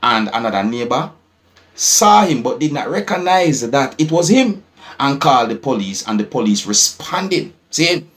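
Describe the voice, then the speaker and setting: A man's voice: mid-range voice, very animated, moderate pace, a bit bright. A man with a Jamaican accent, a vlogger retelling a news article, often asking viewers whether they see his point. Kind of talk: news commentary vlog.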